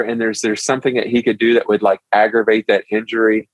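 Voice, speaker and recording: A man's voice: on the low side, quick pace, dry recording, highs cut off. A middle-aged man who is a pastor, guesting on a podcast and telling stories animatedly in a casual interview. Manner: animated storyteller who acts out quotes.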